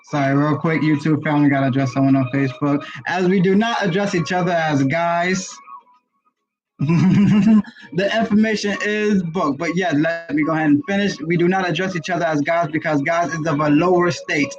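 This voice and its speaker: Higher-voiced Brooklyn man preaching on a lo-fi stream. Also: normal speed, over music. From Brooklyn, New York. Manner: preachy, affirming, addresses the audience as family. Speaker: co-host of a live spiritual reading stream. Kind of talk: casual livestream chat with spiritual teaching. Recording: dull lo-fi livestream audio.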